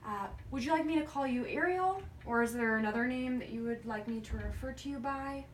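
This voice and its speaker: A woman's voice: on the high side, a little fast, slight background noise. Young woman, raised voice, careful reassuring social-worker role-play, roomy room, distant mic. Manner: gentle, careful, reassuring, with frequent ums. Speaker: social work student playing a hospital social worker. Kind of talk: practice interview role-play.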